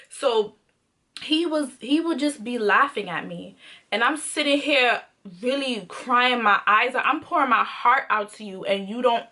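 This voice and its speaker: A young woman tells a personal story to her camera in a casual, candid monologue. Her voice is bright and sits a little high, and she drives her points home by repeating phrases emphatically. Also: a little slow. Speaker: vlogger.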